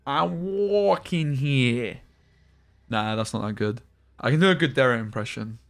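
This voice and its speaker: A young man with a lowish, slightly bright voice talks fast during a gaming live stream. He rambles through casual stories, using slang and swearing now and then.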